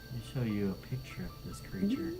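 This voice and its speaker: A man running a tabletop game as game master, narrating deliberately and often breaking into laughter. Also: mid-range voice, wildly swooping pitch, gravelly, warm tone, soft background music, low-quality recording.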